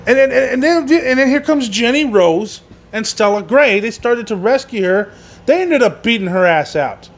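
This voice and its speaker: A wrestling podcast host delivers a casual solo wrestling review in a very high-pitched, expressive voice at normal speed. He rambles and swears, using many fillers and restarting often.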